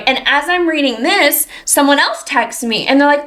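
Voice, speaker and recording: A woman's voice: sits high, lively intonation, moderate pace, hardly any pauses, fairly bright tone, slight background noise. A woman in her thirties, a podcast guest telling her story in casual chat, acting out her own and others' reactions. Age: 30s.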